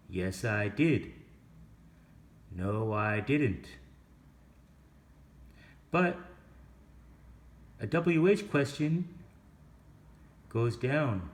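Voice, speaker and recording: A man's voice: medium pitch, expressive, very slow, long pauses. A man teaching an English lesson, explaining grammar and pronunciation step by step and asking the class questions.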